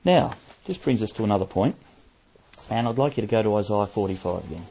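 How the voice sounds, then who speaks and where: A man with a low, mellow voice delivers a Bible study sermon from scripture. He is emphatic, slowing and repeating key phrases for weight. The recording is muffled and lo-fi. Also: lively intonation, husky. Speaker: Bible teacher.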